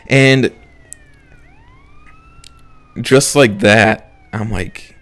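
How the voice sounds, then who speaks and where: A man's voice: medium pitch, extremely slow, long pauses. A young man vlogger telling a story to camera in a casual, profane, rambling and incredulous way.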